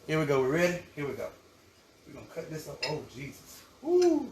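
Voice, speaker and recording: A cooking-show host who gushes and chats nonstop with his viewers. His voice sits fairly high for a man. He is picked up from a distance in an echoey kitchen, with faint background noise. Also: fast talker. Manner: chatty and effusive, savoring food aloud. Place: home kitchen.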